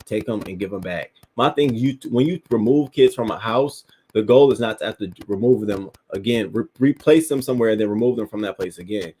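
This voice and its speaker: A man's voice: lowish voice, fairly quick, hardly any pauses, mellow, a little hiss or hum. A man hosting a commentary show, reacting to news stories with emphatic, profane outrage.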